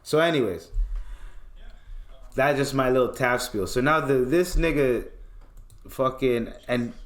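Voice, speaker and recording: A Canadian man hosts a casual podcast, spinning a long profane story in slang. He drops into quick impressions of cops and friends, and his mid-range voice bounces around an echoey room while a television plays in the background. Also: medium pitch. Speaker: podcast host. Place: home room. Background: television sound.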